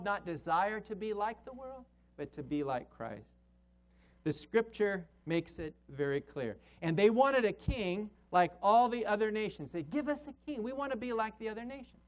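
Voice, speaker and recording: A man preaching a sermon as pastor, emphatic, slowing on key words and dropping low and quiet to drive points home.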